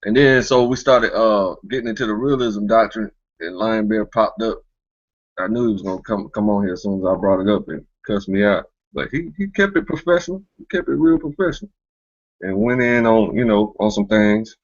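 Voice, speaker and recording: A man's voice: lowish voice, steady tone, moderate pace, muffled recording. A man hosting a casual online talk show, rambling and filling with a stock phrase. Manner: rambling, fills with "you know what I'm saying".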